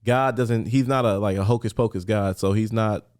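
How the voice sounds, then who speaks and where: With a lowish voice at normal speed, a man from Los Angeles shares his story as a podcast guest. His telling is animated and conversational, full of "like" fillers and put-on voices for anyone he quotes.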